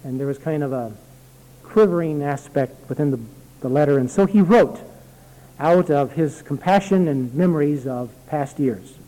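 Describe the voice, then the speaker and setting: A man's voice: a little high, moderate pace, warm tone. A man preaching a sermon, earnest and telling a story before building to emphatic, rising exhortation. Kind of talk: sermon with a read-aloud letter. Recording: long hall reverb, 1982 sermon tape.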